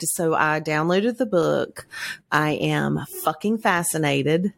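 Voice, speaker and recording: A woman's voice: low voice, slow, vocal fry, no room sound. A woman co-hosting a podcast in casual chat, telling stories bluntly and animatedly, swearing freely. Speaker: podcast co-host.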